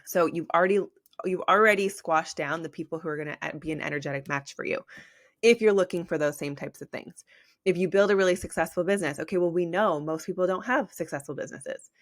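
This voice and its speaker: Woman podcast host, low voice, rambly and motivational, lots of likes, dry close sound. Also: fast talker, dry recording. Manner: rambling, conversational, heavy use of "like"; encouraging, motivational. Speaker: podcast host, business coach. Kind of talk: casual solo podcast monologue.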